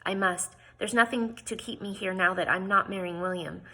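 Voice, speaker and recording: A woman voicing a proper, stubborn young lady whose voice rises high when upset. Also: steady tone, normal speed, sharp tone. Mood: pleading. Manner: pleading, raises her voice in upset.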